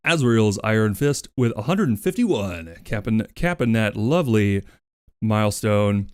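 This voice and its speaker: A man's voice: lowish voice, animated, measured pace, clear, resonant tone, dry recording. Guy on a cozy stream, chatty and playful, voice bouncing all over, dry close mic. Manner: chatty, thanks viewers by name, playful. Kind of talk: casual livestream chat.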